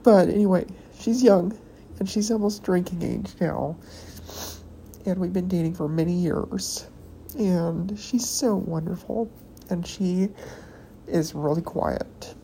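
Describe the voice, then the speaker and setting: A woman hosting a podcast, talking in a rambling, halting personal monologue while tearful and emotional. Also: fairly low pitch, creaky, mellow, a little hiss or hum, low-quality recording. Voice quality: halting, hesitant delivery with pauses. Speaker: podcast host.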